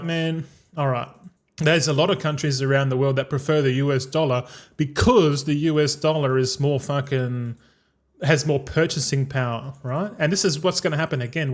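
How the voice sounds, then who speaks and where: Rambling, swearing Australian man. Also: a little high. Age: 30s. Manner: rambling and profane, keeps saying bro. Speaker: gaming streamer. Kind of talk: casual livestream chat.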